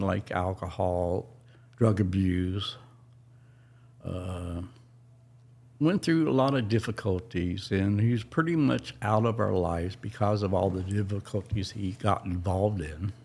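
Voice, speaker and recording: A middle-aged man with a low, gravelly voice tells a personal story on a podcast. He speaks very slowly, in a halting and emotional way, and often stops to restart his sentences. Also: darkish tone.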